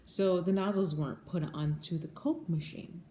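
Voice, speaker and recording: A woman's voice: lowish voice, normal speed, mellow. A woman who manages a bagel shop, telling a story to her viewers in a casual vlog, earnest and repetitive, often calling them guys. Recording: echoey room, faint background noise.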